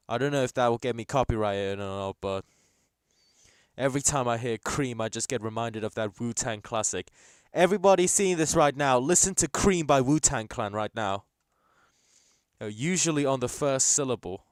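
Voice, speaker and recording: A man's voice: medium pitch, normal speed, smooth, dry recording, clean studio sound. A young man chatting casually while hosting a live football watchalong, rambling and reacting to the match. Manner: casual, rambling, bursts into excited shouts at chances. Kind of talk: live match commentary chat.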